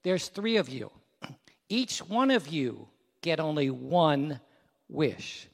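A man's voice: a little high, big pitch swings, slow pace, creaky, heavily acted. A man voicing a patient, soothing lamp genie in a raised, coaxing tone, in an echoey hall.

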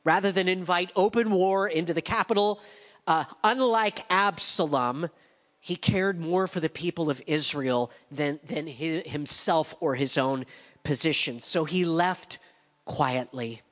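A man's voice: a little high, unhurried, fairly bright tone, long reverb tail. A man preaching a sermon as pastor, conversational with wry asides.

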